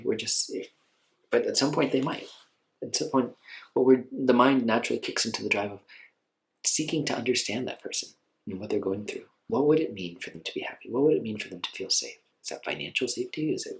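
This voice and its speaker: A man teaching meditation in an informal talk, speaking gently and conversationally with frequent filler words. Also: mid-range voice, fairly quick, gravelly, poor audio.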